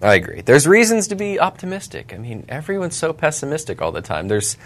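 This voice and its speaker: A man's voice: fairly high pitch, wildly swooping pitch, fairly quick, a bit bright. A man co-hosting a casual finance chat show, upbeat and optimistic in his takes. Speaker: podcast co-host.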